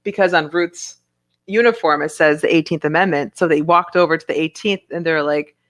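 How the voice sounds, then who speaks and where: A woman co-hosting a casual podcast, chatty and quick to laugh. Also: sits low, dry recording. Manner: chatty, apologetic, laughs easily. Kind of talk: casual chat.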